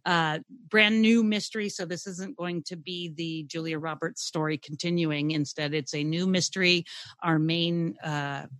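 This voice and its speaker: Podcast lady running down new releases, brisk and frank, dry close mic. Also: fairly low pitch, fairly even intonation, fairly bright tone, dry recording. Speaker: podcast co-host. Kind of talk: casual chat, film review.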